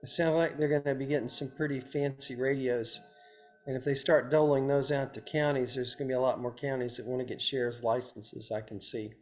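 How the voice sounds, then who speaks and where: A man's voice: mid-range voice, steady tone, brisk, darkish tone, muffled recording, faint music behind. A man presenting in a video call meeting, who talks in a plain, technical way. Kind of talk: Zoom meeting discussion.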